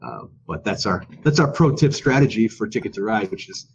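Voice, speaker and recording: A man's voice: lowish voice, very animated, fairly quick, dull audio, slight background noise. A man co-hosting a casual podcast chat, joking and playful, over a video call. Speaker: podcast co-host.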